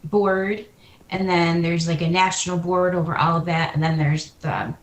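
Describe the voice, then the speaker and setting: A soft-spoken woman guest joining a TV interview over a video call. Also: fairly low pitch, flat delivery, moderate pace. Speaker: guest, dance school co-founder. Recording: echoey video call audio.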